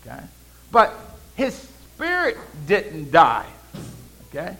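Male pastor, high voice, call-and-response preaching, shifts from loud proclaiming to quiet asides. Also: huge pitch swings, slow, gravelly, soft background music, rough recording. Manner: swings between loud proclaiming and low conversational asides. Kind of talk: sermon.

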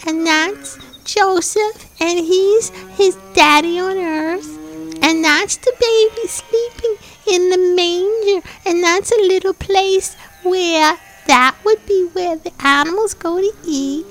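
Brief: excitable woman host of a children's puppet show, very high and sharp-toned. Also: slow pace. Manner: eager, coaxing, excitable.

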